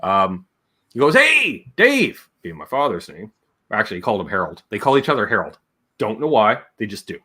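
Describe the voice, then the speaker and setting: A man's voice: on the low side, lively intonation, fast talker, a bit bright, husky. A man, a guest on a livestream, telling rambling, jokey stories and imitating his relatives' voices as he goes. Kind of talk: casual storytelling on a livestream.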